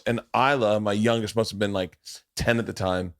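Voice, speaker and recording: A man's voice: on the low side, steady tone, moderate pace. A man hosting a podcast, a father who tells rambling anecdotes and laughs often. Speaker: podcast host. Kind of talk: casual chat.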